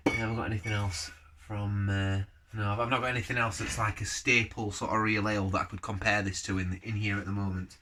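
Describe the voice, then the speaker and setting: A man's voice: lowish voice, level tone, fast talker, sharp tone, a little hiss or hum. A man casually reviewing a beer on camera, rambling from one thought to the next and giving blunt verdicts. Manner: rambling, jumps between topics.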